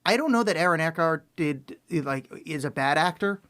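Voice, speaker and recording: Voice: medium pitch, animated, a bit bright. Blunt, opinionated podcast co-host. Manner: blunt, opinionated, quick asides. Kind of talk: casual chat.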